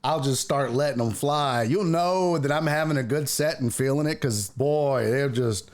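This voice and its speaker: A man's voice: medium pitch, moderate pace. A man hosting a casual interview, laughing often and swearing freely as he jokes. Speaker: podcast host and stand-up comedian.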